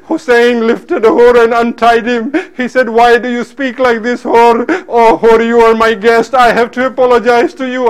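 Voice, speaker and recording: A man's voice: very high voice, clear, resonant tone. A male preacher telling a story in a sermon, solemn and weaving in Arabic phrases.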